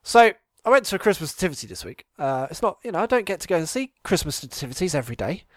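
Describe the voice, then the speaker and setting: A man's voice: sits high, very animated, quick pace, no room sound, studio quality. A man, telling rambling anecdotes on a casual chat show and laughing at them. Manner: rambling, laughs at his own stories. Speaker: podcast co-host.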